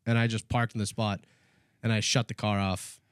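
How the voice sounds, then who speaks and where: A man co-hosting a casual comedy podcast, laughing often and shouting mock-angry bits as he tells stories. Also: on the low side, little pitch movement, normal speed, smooth, no room sound, clean studio sound. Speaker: podcast co-host.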